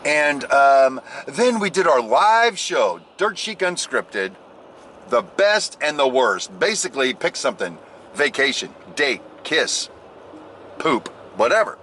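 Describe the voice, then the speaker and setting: Animated man telling a jokey story. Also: medium pitch, takes it slowly, slight background noise. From United States. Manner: animated, jokey, swings into loud exclaims and mimicked voices. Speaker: vlogger. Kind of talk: casual storytelling vlog.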